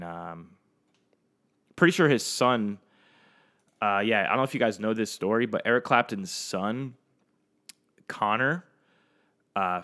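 On his solo podcast, a young host rambles casually and animatedly, swearing freely and addressing his listeners directly. His voice is lowish.

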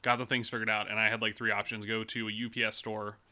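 A man's voice: lowish voice, little pitch movement, fast talker, pushed and bright. A young man telling a long, rambling story in casual chat, sarcastic and full of swearing.

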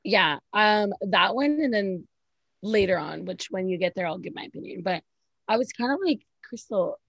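Sassy woman with a husky voice. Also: medium pitch, animated, moderate pace, a bit bright, dry recording, highs cut off. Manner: sassy, profane, candid opinions. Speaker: podcast co-host recapping reality TV. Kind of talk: casual chat.

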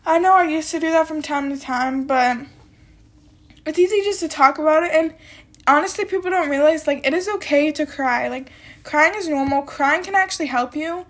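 Young female podcast host with a high voice and a bit of a cold, talks in loose, rambling chat. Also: normal speed. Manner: rambling, chatty, heavy use of "like" and "um". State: has a little cold. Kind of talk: casual solo podcast talk.

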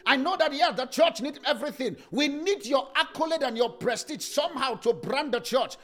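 High-voiced impassioned male preacher. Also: normal speed. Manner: impassioned, rising to shouts and sing-song cadences. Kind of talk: sermon.

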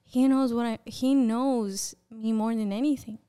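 A young woman tells her faith story on a podcast in an animated, conversational way, acting out remembered voices. Her voice sits a little high and has a smooth, clear tone. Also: measured pace. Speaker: podcast guest sharing testimony. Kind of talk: personal testimony in casual conversation.

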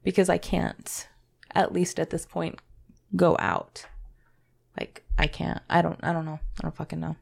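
A woman co-hosting a podcast, talking in a halting, self-doubting way and swearing casually. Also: on the low side, level tone, gravelly, darkish tone. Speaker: podcast co-host. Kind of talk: candid conversational podcast talk.

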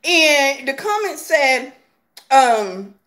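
A woman's voice: high voice, sing-song, extremely slow, a bit bright. A woman vlogger giving sassy, laughing gossip commentary, calling viewers honey and baby.

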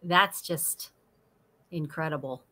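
A woman's voice: low voice, sharp tone. A woman hosting a casual interview, reacting often with wows and small gasps. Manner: reacts with frequent wows and gasps, slow drawn-out speech. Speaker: host.

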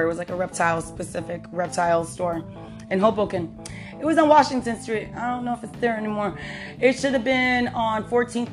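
A woman hosting a casual solo podcast, rambling with fillers and laughing easily. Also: mid-range voice. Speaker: podcast host.

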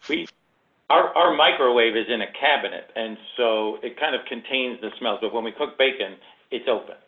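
A man tells little stories with a dry, teasing humor. His voice comes through narrow and tinny, like a phone line. He speaks at an ordinary middle pitch in easy conversation. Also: normal speed. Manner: wry, teasing storyteller. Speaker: podcast guest, father of co-host. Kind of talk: casual chat.

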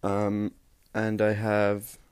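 A man's voice: lowish voice, completely flat delivery, extremely slow, a little mellow, clean tone, dry recording, clean studio sound. A young man hosting a solo podcast, rambling and joking at himself while tired and worn out. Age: young adult. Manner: rambling, self-mocking, tired. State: exhausted. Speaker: podcast host. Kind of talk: casual solo podcast chat.

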